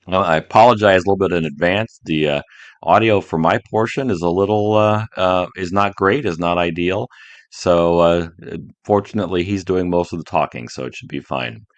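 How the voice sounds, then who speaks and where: A man with an extremely deep voice opens a podcast episode, speaking in a relaxed way that stumbles now and then on fillers. The sound is dry and close, with no room around it. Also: dry recording, highs cut off. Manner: relaxed, a bit halting, with fillers. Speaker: podcast host. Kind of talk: podcast introduction.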